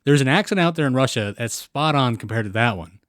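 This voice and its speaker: Man, faint New York accent, casual podcast co-host, rambling, trails off, lively pitch, dry recording. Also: fast talker, no echo. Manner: rambling, trailing off, self-mocking. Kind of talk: casual chat.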